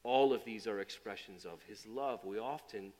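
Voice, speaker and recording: A man preaching a sermon. His delivery swings from loud, emphatic build-ups to quiet, low asides, and he often repeats and restarts phrases. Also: normal speed, in a large hall. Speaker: pastor.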